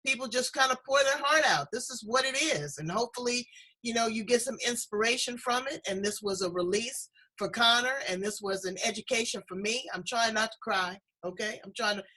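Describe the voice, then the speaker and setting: A woman's voice: a little high, brisk, sharp tone, slightly rough, low-quality recording. A woman hosting a casual chat show over a video call, effusive and encouraging, speaking with strong emotion. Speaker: host.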